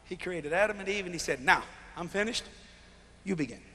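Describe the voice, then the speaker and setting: High-voiced shouting preacher man. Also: animated, brisk, a little hiss or hum. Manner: folksy, jokey, shouting then dropping low. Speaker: guest preacher. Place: large arena crusade. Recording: live arena sound with reverb.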